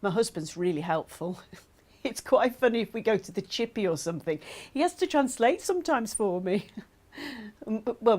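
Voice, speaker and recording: A woman's voice: mid-range voice, a little mellow. An actress as a chatty woman. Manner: chatty, self-deprecating, laughing. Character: chatty adult woman with mild hearing loss. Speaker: actor voicing a woman's testimony. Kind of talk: scripted testimony monologue.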